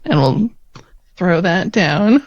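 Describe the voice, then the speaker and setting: A woman playing in a tabletop game, talking in an excited, casual way. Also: lowish voice, slow, dry recording, lo-fi sound. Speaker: player.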